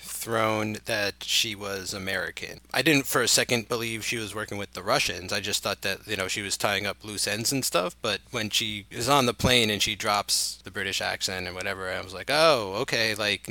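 Man, podcast co-host, rambling, laughs easily, bright voice, dry sound. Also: lowish voice, no echo, low-quality recording. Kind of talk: casual movie podcast chat.

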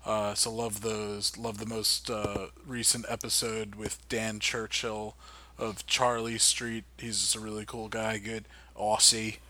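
A man's voice: on the low side, flat delivery, unhurried, bright, forceful tone. A man co-hosting a podcast, rambling a little and repeating words as he thanks listeners. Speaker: podcast co-host. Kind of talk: casual podcast outro chat.

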